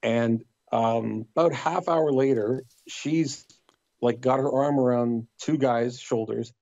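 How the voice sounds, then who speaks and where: A man spins a casual anecdote as a podcast guest, acting out what others said. His voice is gravelly and warm. The recording sounds dull and dry, with a lo-fi edge. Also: medium pitch, slow pace, no room sound. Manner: lively storyteller, acts out quotes. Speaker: podcast guest telling a story.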